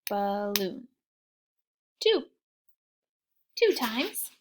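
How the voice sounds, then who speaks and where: A woman teaching young children a phonics lesson, slow and encouraging in a sing-song way, with soft whispered asides. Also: medium pitch, very animated, a little hiss or hum.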